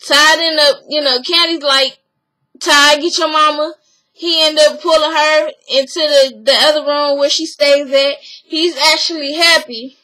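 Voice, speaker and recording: A woman casually retelling a story in an animated, blunt, slangy way. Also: high voice, normal speed, few pauses, rough recording. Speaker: vlogger recapping a reality show.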